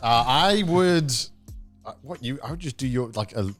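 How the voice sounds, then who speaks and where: A man's voice: mid-range voice, expressive, measured pace, faint music behind. A man hosting a podcast in casual chat, teasing and swearing often. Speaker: podcast host.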